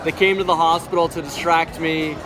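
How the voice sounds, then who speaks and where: Young man, slightly high voice, sick-sounding, rambling, many fillers, handheld camera vlog. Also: flat delivery, a little fast. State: sick, voice affected by illness. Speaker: vlogger. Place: hospital ward and car at night.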